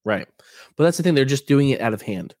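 A man's voice: medium pitch, expressive, quick pace, darkish tone, no room sound, clean studio sound. Indignant man telling a story. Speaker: co-host. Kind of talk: casual podcast chat.

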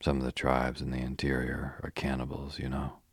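A man's voice: a bass voice, completely flat delivery, normal speed, gravelly, husky, dry recording, full character voice. A man voicing a flippant young adventurer who jokes dryly while guiding a tour. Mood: offhand. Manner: flippant, dry joking.

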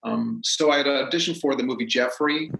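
A man, a stage actor as a guest, telling stories in a casual, animated way and acting out what people said. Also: mid-range voice, fairly quick, creaky, slight background noise. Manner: animated, acts out quotes. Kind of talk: casual storytelling. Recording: roomy echo.

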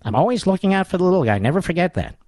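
A man's voice: sits high, big pitch swings, racing, darkish tone, dry recording, exaggerated voice. A man voicing a smug male congressman who talks in a smarmy, mock-humble, rambling way. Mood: self-satisfied.

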